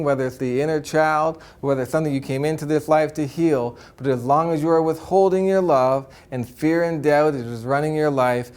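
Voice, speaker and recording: A man's voice: a little high, moderate pace, few pauses, darkish tone, clean tone. A man giving a spiritual talk to an audience, earnest and upbeat, often tagging his points with "right?" and breaking into chuckles. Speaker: spiritual teacher.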